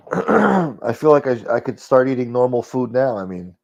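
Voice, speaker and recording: A man's voice: medium pitch, very animated, measured pace, vocal fry. A middle-aged man hosting a live stream, chatting casually and profanely as he reacts to viewer comments. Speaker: live stream host reading chat. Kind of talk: casual chat. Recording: dull lo-fi audio.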